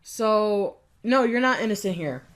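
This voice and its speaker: A woman delivers a heated reaction rant in her own voice, with a middle pitch. She is indignant and sarcastic, swinging from mocking impressions to flat scolding. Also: measured pace. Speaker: commentary YouTuber. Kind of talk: ranting reaction commentary.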